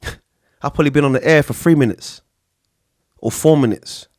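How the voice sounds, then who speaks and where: A man's voice: medium pitch, moderate pace, darkish tone, dry recording, clean studio sound. A man hosting a solo podcast, talking in an impassioned, profane way and jumping between topics. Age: adult with an older son. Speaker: podcast host.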